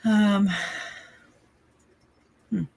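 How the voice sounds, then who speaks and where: A woman's voice: medium pitch, level tone, extremely slow, gravelly, mellow, no echo. A woman from the Southern United States hosting a casual livestream, rambling and chatty, often laughing between her thoughts. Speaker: livestream host.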